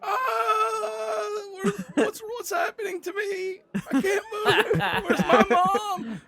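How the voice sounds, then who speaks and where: A man voicing a terrified halfling boy who screams and sobs in a very high voice. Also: expressive, slow pace, gravelly, a loud crowd, heavily acted. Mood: sobbing panic. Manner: screaming, sobbing.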